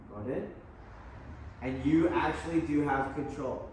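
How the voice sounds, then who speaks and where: A man's voice: fairly high pitch, unhurried, long pauses, darkish tone, slight background noise. A man teaching an aikido class, blunt and profane, pressing his students with challenging questions. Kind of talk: mat-side teaching talk. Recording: very echoey hall, voice from far off.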